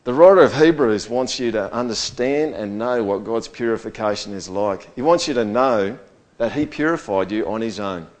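Conversational preacher. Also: male voice, moderate pace. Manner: conversational, checks in with the audience, swings from low to loud. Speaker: pastor. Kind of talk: sermon.

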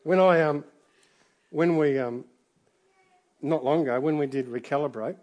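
A middle-aged man preaching a sermon in a relaxed, conversational way, full of restarts and asides. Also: a little high, unhurried. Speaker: pastor.

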